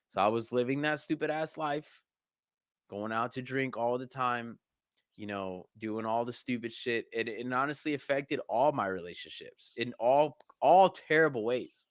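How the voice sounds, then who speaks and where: A man's voice: medium pitch, no echo. Candid young man, dry close sound. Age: young adult. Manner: candid, self-deprecating, halting with many restarts and fillers. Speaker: podcast co-host. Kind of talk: casual podcast chat.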